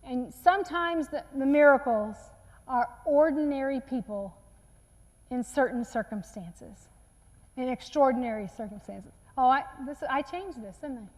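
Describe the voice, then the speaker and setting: A woman's voice: high voice, measured pace. A woman preaching a sermon, retelling a Bible story in an earnest storytelling manner. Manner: earnest storytelling, acts out quotes softly. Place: church sanctuary. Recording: long church reverb.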